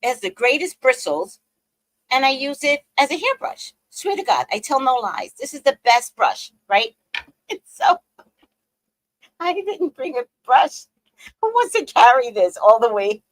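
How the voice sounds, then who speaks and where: A woman hosting a live stream, chatting casually with viewers and telling animated stories, laughing often and swinging between loud outbursts and hushed asides. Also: sits high, measured pace, no echo, rough recording.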